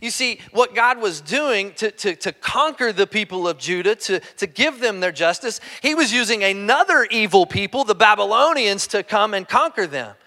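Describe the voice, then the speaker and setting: High-voiced pastor in reverberant hall. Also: male voice, lively intonation, moderate pace, hardly any pauses, pushed and bright. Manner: conversational, repeats words when restarting. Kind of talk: sermon.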